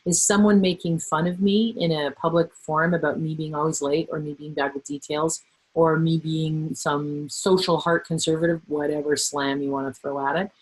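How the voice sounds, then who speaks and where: A middle-aged woman presenting a webinar, talking in a lively, conversational way and acting out quoted voices. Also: deep voice, normal speed, breathy edge, low-quality recording. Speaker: webinar presenter on workplace bullying. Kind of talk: webinar talk.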